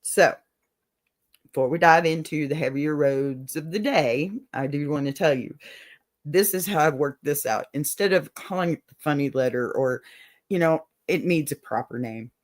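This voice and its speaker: A woman's voice: sits low, normal speed. An older woman from Texas with a Southern accent, hosting a casual show. She chats freely and laughs often. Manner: chatty, laughs often, says y'all. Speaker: podcast host. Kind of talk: casual chat.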